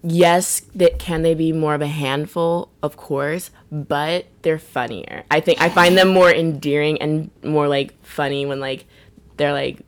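A young woman telling stories in casual chat, animated and full of "like". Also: deep voice, unhurried. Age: young adult. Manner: chatty, animated storytelling with lots of "like". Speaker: podcast co-host.

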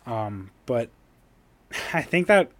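A man with a mid-range voice co-hosts a casual gaming podcast. He talks in an excitable, blunt way and swears freely. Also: mid-range voice, very slow, dry recording. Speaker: podcast co-host.

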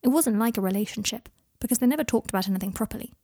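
A woman reading fan fiction aloud in a calm, even narrating voice. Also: on the high side, rapid-fire, no echo, studio quality. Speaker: reader.

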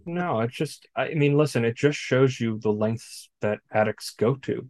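A man's voice: mid-range voice, unhurried, a little mellow, dry recording. A man co-hosting a podcast, recapping a film in casual chat, blunt and profane. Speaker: podcast co-host. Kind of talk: casual movie discussion.

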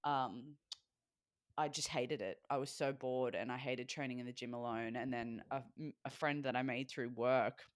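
A woman with a low voice co-hosts a podcast, telling stories at a moderate pace in casual chat. She is an animated storyteller who swears freely and acts out quotes, and the recording is clean studio sound with no echo.

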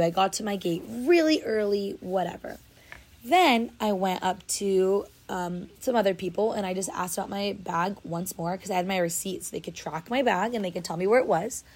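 In a casual storytime, a young woman in her young adult years recounts a trip, chatty and dramatic, with lots of filler words. The storyteller vlogger has a medium-pitched, darkish voice and moves from outdoors to indoors.

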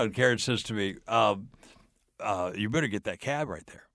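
A man's voice: lowish voice, moderate pace, fairly bright tone, no echo, clean studio sound. An older man, a podcast guest, telling stories with enthusiasm and acting out the dialogue. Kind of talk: storytelling in a faith podcast.

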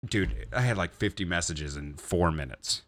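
A man's voice: sits low, normal speed. A young man on a casual podcast, telling a long rambling, swearing story. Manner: rambling, swearing, animated retelling. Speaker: podcast co-host.

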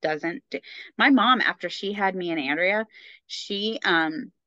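Woman co-host, casual chat, bright forceful voice, dry dull lo-fi sound. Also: medium pitch, dry recording. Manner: fast, chatty, lots of fillers. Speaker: podcast co-host.

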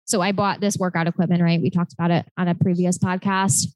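A woman's voice: fairly low pitch, little pitch movement, fast, a little mellow, no room sound, low-quality recording. A young woman co-hosting a podcast, chatting casually and loosely with lots of filler words. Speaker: podcast co-host. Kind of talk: casual chat.

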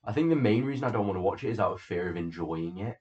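A man co-hosting a casual podcast chat, talking in a deadpan, offhand way. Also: lowish voice, quick pace, a little hiss or hum. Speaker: podcast co-host. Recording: dull lo-fi sound.

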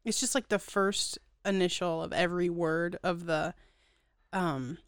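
A young woman co-hosting a podcast in casual chat, telling stories and acting out quotes with lively emphasis. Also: fairly low pitch, a little slow, dry recording, studio quality. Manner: animated storytelling, acts out quotes. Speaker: podcast co-host.

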